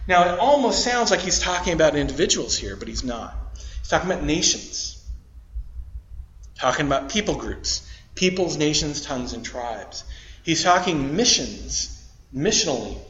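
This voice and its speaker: A man's voice: a little high, big pitch swings, moderate pace, fairly bright tone, a little hiss or hum. A male pastor preaching a sermon, stressing words by rising and dropping his voice. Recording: dull lo-fi recording.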